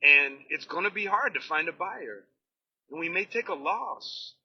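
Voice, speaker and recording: A high, bright, sharp-edged man's voice with a husky grain, swinging widely up and down as he rants bluntly about his union. He talks in a fired-up, slangy way. The recording sounds dull and lo-fi. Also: lively intonation, a little slow. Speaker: union steward running for local president. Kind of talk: ranting campaign talk.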